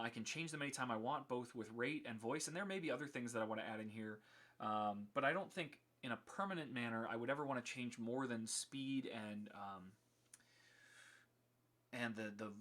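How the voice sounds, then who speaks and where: A man's voice: mid-range voice, sharp tone. A man casually explaining his code on a live stream, chatty with many ums and restarts.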